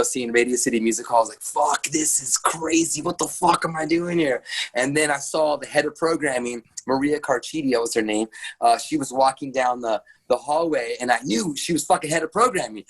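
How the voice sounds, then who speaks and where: A middle-aged man from Arizona, a radio DJ, telling stories in a casual podcast interview, excitable and swearing constantly. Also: medium pitch. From Arizona, USA. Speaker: radio DJ and guest.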